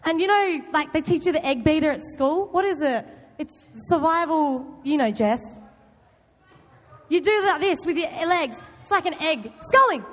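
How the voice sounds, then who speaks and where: Young woman, high pitch, loud youth talk, long reverb. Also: animated, moderate pace. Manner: loud, chatty, quizzes the audience. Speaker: youth group speaker.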